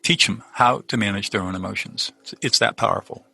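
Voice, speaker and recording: A man's voice: on the low side, fairly quick, vocal fry, sharp tone, breathy edge, low-quality recording. A middle-aged man, a lawyer turned peacemaker, explaining his ideas earnestly as a guest in a conversational interview, often restarting his sentences.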